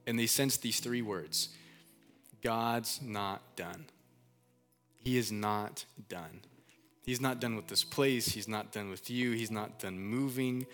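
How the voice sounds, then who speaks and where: A pastor delivers a church sermon in a casual style, repeating phrases often, saying "like" a lot, and prompting the congregation to shout out answers. His voice is lowish and a bit bright, and he speaks slowly over soft background music.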